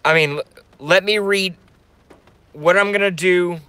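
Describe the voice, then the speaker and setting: A man's voice: sits high, fairly even intonation, measured pace, sharp tone, smooth, no echo. A middle-aged man live streaming, rambling brashly in a crude, stop-start way to his chat. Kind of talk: casual live-stream rant.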